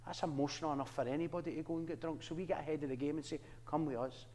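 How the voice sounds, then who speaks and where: A man with a Glaswegian Scottish accent, his voice fairly high for a man, presents to a church audience. He talks with earnest, preacher-like conviction and drops in dry jokes. His words ring with the long reverb of a hall. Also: fairly even intonation, racing, darkish tone, slight background noise. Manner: earnest preaching with wry asides. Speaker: Christian ministry worker.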